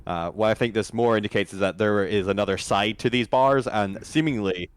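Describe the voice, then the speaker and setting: A man's voice: on the low side, brisk, smooth, no echo. A man narrating as game master, rambling with many fillers and restarts.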